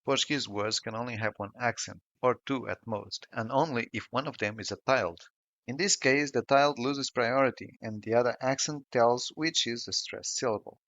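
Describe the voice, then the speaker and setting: A man's voice: mid-range voice, moderate pace, a bit bright, no echo. Man, language tutor, scripted lesson narration, careful sound-by-sound modelling, dry close recording, muffled lo-fi audio. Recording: dull, lo-fi and dry voice-over.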